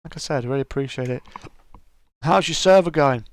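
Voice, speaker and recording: A man's voice: medium pitch, fairly quick, no room sound. A middle-aged man hosting a casual live-stream chat, greeting viewers by name and calling them mate.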